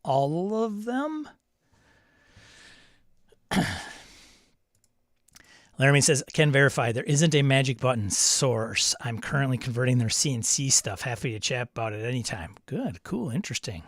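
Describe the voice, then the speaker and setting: A man's voice: medium pitch, lively intonation, normal speed, fairly bright tone, dry recording, clean studio sound. A man hosting a casual live stream about tabletop games, chatting loosely and reading out messages from chat. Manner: chatty, rambling, reads chat aloud. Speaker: host.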